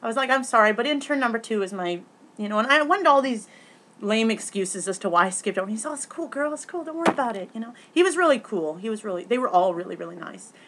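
A woman vlogger rambling through a story in casual chat, excitable, with many fillers and restarts. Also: medium pitch, quick pace, slight background noise.

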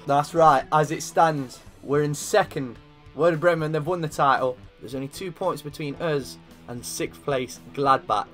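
A man commentating his own football video game, getting excitable and shouting at the big moments. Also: medium pitch. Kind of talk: gaming commentary.

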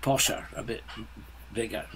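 A man in his seventies, a guest composer, talking bluntly in a halting, restart-filled way in a casual interview. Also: bright, forceful tone, a little hiss or hum, rough recording. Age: 70s.

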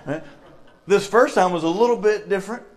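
A middle-aged lay preacher with a Southern US accent delivers a sermon in a church sanctuary, telling stories from his childhood and acting out the people in them. His voice sits high, and he speaks briskly.

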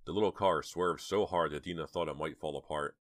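A man narrating an audiobook with measured, dramatic storytelling. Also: extremely low pitch, no echo, studio quality. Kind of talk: audiobook reading.

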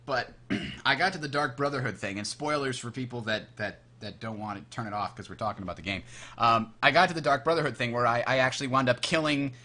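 Husky, bright-voiced man telling game stories. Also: mid-range voice, fast talker. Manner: animated storyteller, acts out quoted lines. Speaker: podcast co-host. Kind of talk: casual gaming chat.

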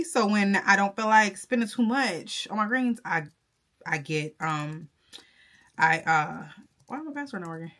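Bright-voiced woman vlogging, effusive. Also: medium pitch, expressive, unhurried. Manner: effusive and emotional, talks straight to viewers; chatty with many fillers and restarts. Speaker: vlogger and content creator. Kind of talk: casual vlog talk to camera.

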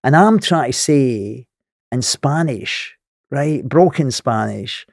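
Animated Glaswegian man telling a tale. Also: medium pitch, slow pace, creaky, dry recording, clean studio sound. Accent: Glaswegian Scottish. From Scotland. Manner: animated, swears freely, laughs through the tale. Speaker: podcast guest. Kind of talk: storytelling.

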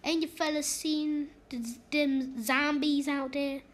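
A woman putting on a gruff dumpster-diving man. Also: high-pitched, flat delivery, slow pace. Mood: grumpy. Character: gruff scruffy male dumpster diver, territorial. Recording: game music playing loudly underneath. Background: game music.

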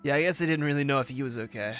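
A man's voice: medium pitch, racing, fairly bright tone, faint music behind. A young man hosting a let's-play video, talking in a casual, rambling way and swearing often, sleepy as he plays. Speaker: gaming video host.

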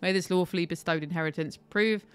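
A woman voicing a formal court herald, reading a decree slowly and solemnly in a vague put-on foreign accent. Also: on the low side, clean tone, natural voice.

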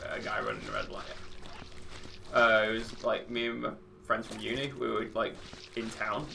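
A man's voice: lowish voice, little pitch movement, normal speed, creaky, noisy background. Chatty young Englishman telling a story. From England. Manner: storytelling, laughs often. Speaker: gaming podcast co-host. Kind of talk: casual banter over gameplay.

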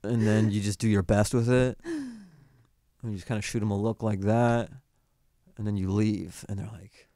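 Male comic guest, lower voice, relaxed storyteller, dry studio sound. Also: moderate pace, pauses often, no echo. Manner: laid-back storytelling, acts out quotes. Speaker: comedian guest. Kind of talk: casual podcast chat.

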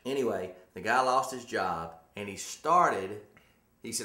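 A man's voice: medium pitch, normal speed, bright, forceful tone. A man hosting a casual talk show, telling rambling stories and teasing his co-host. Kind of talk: casual chat. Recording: echoey room.

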